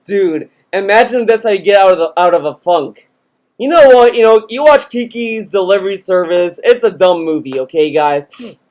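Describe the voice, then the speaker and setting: A man's voice: high voice, lively intonation, normal speed, darkish tone. A man ranting sarcastically in a video commentary, full of fillers and mocking asides. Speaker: commentary youtuber.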